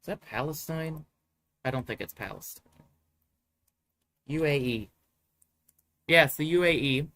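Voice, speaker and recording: A man's voice: on the high side, a little slow, long pauses, sharp tone, no echo. A man giving live commentary as he plays a geography guessing game, rambling and swearing in exasperation. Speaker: streamer.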